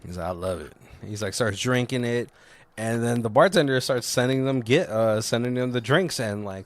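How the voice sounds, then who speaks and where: A man's voice: medium pitch, normal speed, dry recording. A man co-hosting a casual movie review podcast, retelling scenes with loose impressions and laughing often. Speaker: podcast co-host.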